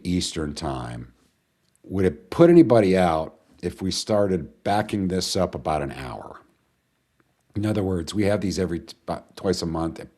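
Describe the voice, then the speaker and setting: Male webinar host, very low voice, casual and rambling, chats with the audience. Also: a little mellow. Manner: chatty, rambling, greets viewers and answers chat questions. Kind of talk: casual live webinar talk.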